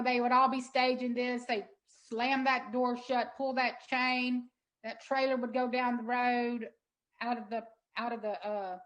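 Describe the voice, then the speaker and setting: Middle-aged woman guest, earnest storyteller, stumbles and repeats, a touch high. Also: a bit bright, poor audio. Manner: earnest, halting, repeats words when moved. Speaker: interview guest, sanctuary owner. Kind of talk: emotional storytelling in an interview.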